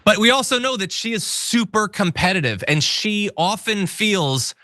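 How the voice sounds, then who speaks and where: Bright, animated male political commentator. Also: sits high, moderate pace, no room sound, studio quality. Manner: sarcastic, animated and mocking. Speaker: host.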